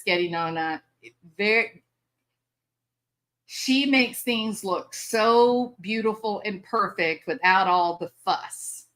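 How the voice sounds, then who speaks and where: A woman's voice: mid-range voice, bright, forceful tone. A chatty, bubbly older woman, hosting a casual live stream and laughing often. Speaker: livestream host.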